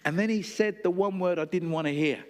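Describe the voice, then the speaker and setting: A man's voice: high voice, fairly quick. A male preacher delivering a sermon in a conversational storytelling style, acting out voices. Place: church hall. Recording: long hall reverb.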